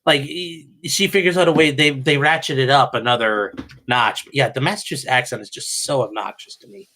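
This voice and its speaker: A man's voice: mid-range voice, brisk, sharp tone. A man talking as a guest on a podcast, casual chat, blunt and opinionated, often repeating words as he starts. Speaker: guest, legal commentator.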